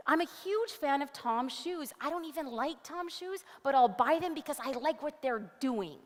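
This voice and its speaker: A woman giving an energetic conference presentation on stage, upbeat and animated, with quick jokey asides. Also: high voice. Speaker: conference speaker. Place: large conference hall. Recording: long hall reverb.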